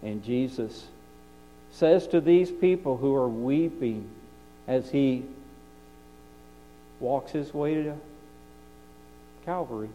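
A man preaching a sermon, climbing into impassioned high peaks and then dropping low and quiet. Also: takes it slowly, pauses often. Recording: dull lo-fi recording with mains hum.

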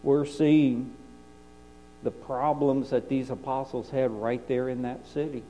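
A man preaching a sermon, climbing into impassioned high peaks and then dropping low and quiet. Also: fairly even intonation, unhurried. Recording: dull lo-fi recording with mains hum.

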